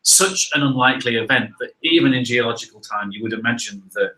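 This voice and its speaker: A man's voice: medium pitch, quick pace, pushed and bright, low-quality recording. A man hosting a live science panel, reading out viewer questions and answering them in a loose, conversational way. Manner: conversational, thinks aloud with "uh" and "right?".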